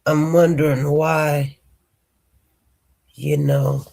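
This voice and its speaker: Livestream host, congested with a cold, husky, gravelly, slow rambling chat. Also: mid-range voice, flat delivery, warm tone. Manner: rambling, chatty, greets viewers by name. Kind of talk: casual chat.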